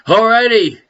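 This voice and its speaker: A man's voice: a little high, pushed and bright, breathy edge, lo-fi sound. A man with an Irish accent hosting a live online quiz, jokey and teasing, laughing between questions. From Ireland. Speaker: quiz host.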